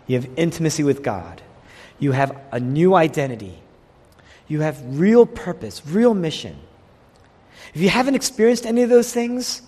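A man preaching a sermon with passion, rising to loud peaks and dropping to hushed lows. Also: breathy edge, in a large hall. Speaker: pastor.

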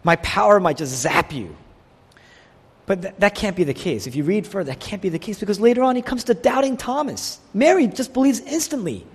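A husky-voiced man preaches with a fairly high, lively pitch that rises and falls constantly. His words ring out with a long reverb, as in a large church hall. He drives his points home through repetition. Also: quick pace, hardly any pauses. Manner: animated preaching, quotes figures in voiced asides. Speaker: pastor. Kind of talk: sermon.

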